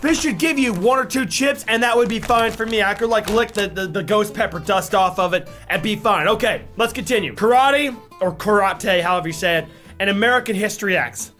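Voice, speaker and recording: A man's voice: high voice, fairly quick, pushed and bright, soft background music. A young man doing a ghost pepper chip challenge while playing a guessing game, coughing, eyes watering, yelping and pleading in a frantic, self-mocking way. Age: young adult. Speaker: YouTuber.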